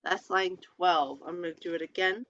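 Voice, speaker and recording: A teacher giving an informal lesson on letters and vowels, pausing often with ums and reading lists of words aloud while sharing a screen. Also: medium pitch, fairly even intonation, sharp tone, dry recording, highs cut off. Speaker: Hebrew teacher. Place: presenting a lesson from a screen share.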